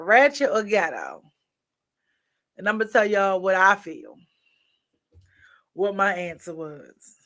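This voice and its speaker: A tired woman runs a casual livestream and talks straight to her viewers in a loose, chatty way. She drifts from one topic to the next and sounds drowsy and half-yawning the whole time. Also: mid-range voice. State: sleepy, yawning. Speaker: livestream host. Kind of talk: casual live-stream chat.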